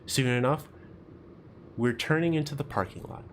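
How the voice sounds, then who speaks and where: A man's voice: mid-range voice, moderate pace, a little hiss or hum. Man reading a game story aloud. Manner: casual, chatty asides with laughter. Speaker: streamer reading a visual novel.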